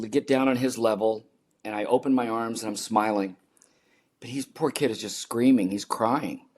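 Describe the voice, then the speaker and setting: A man's voice: lowish voice, darkish tone. A man in his seventies, a podcast guest, earnestly telling a personal story and repeating key phrases for emphasis.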